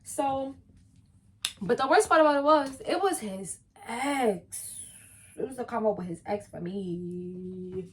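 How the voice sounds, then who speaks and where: A young woman tells a personal story in a casual, blunt, profane and animated way. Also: fairly high pitch, takes it slowly, a little hiss or hum. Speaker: vlogger.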